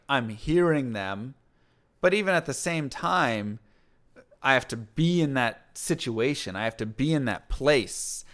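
A man talking in a casual conversation, energetic, often checking in with "right?" and acting out little quoted lines. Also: medium pitch, clear, resonant tone.

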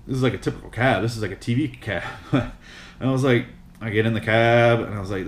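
A man's voice: fairly low pitch, fairly even intonation, fast talker, a little hiss or hum. A man telling a comic story as a rambling monologue, full of hesitations and swearing. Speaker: comedic vlogger. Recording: roomy echo.

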